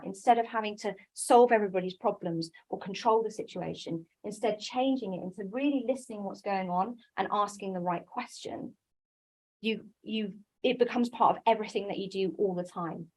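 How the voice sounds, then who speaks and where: Lively woman giving a coaching talk. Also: medium pitch, low-quality recording. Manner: lively and self-deprecating, with quick quoted asides. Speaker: coaching speaker. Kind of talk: conference talk.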